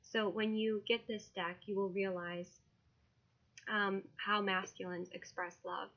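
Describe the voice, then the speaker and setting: A woman who reads tarot and is launching her own card deck, talking casually, emotionally and haltingly, with many fillers. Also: medium pitch, flat delivery, a bit bright, lo-fi sound. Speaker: tarot reader and deck creator. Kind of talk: casual video walkthrough.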